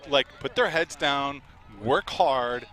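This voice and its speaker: Male play-by-play caller, bright mid-pitched voice, chatty and quick to laugh, live outdoor broadcast. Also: animated. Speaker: play-by-play commentator. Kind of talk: live sports commentary.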